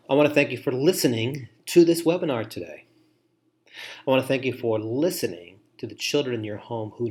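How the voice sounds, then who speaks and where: A middle-aged man presenting an instructional webinar for foster parents, giving earnest, measured advice with deliberate pauses and repeated phrases. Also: mid-range voice, a little mellow.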